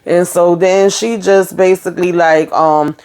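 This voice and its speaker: A woman's voice: lowish voice, fairly even intonation, a little slow, darkish tone, clean tone. A woman casually recapping a TV episode, chatty and profane, with lots of fillers. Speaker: TV show reviewer.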